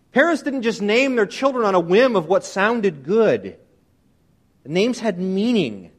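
A man preaching a sermon, emphatic and animated, often asking his listeners rhetorical questions. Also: sits high. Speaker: pastor.

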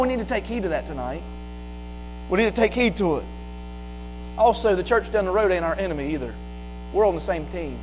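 A man preaching a sermon, moving from quiet, plain explanation to loud, fervent preaching. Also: sits high, poor audio. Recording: faint mains hum behind.

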